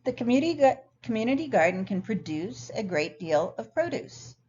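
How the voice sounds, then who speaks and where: A woman instructor explaining grammar clearly and patiently in a recorded lecture over slides. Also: on the high side, animated, fast, a little mellow. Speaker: ESL instructor. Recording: dull lo-fi sound, faint noise.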